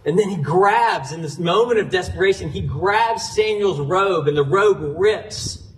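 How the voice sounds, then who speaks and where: A man's voice: high voice, unhurried, distant mic, rough recording. A man preaching a sermon, retelling a scripture story earnestly and citing chapter and verse as he goes. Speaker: pastor.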